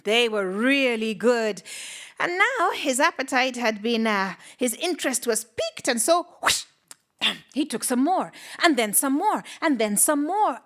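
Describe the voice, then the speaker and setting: A high-pitched woman tells a folktale live, dramatic and expressive, adding sound effects and whispered asides.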